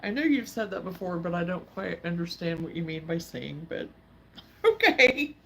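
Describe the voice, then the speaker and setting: A woman hosting a crafting livestream, chatting casually and in a halting way as she replies to viewer comments. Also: on the low side, very animated, creaky, fairly bright tone, a little hiss or hum. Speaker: livestream host. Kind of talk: casual chat while crocheting.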